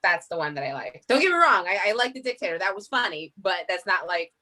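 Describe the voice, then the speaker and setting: A woman's voice: fairly low pitch, very animated, fast, pushed and bright. A woman guest in a casual interview, chatty and opinionated. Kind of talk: casual chat.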